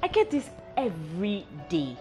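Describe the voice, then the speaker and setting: A young woman talks straight to camera in a candid vlog, wry and self-mocking, her pitch bouncing up and down as she goes. Faint music plays underneath her voice. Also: big pitch swings, a little slow, darkish tone. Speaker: vlog host.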